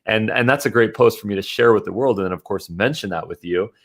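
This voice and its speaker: A man's voice: on the low side, fast talker, fairly bright tone. A man hosting a casual podcast-style interview, chatty and laughing easily, with frequent restarts. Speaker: host.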